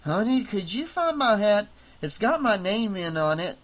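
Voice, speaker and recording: A man reading an audiobook, voicing a dazed security guard who talks slowly and in confusion. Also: sits high, big pitch swings, a bit bright, pitched above the performer's own voice. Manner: slow, confused, muttering.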